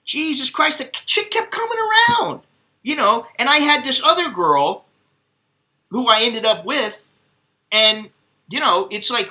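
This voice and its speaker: An American middle-aged man rambles through crude, profane stories in a casual vlog, talking loosely with lots of asides. His voice is high for a man, piercing and tense, with a pushed, bright quality.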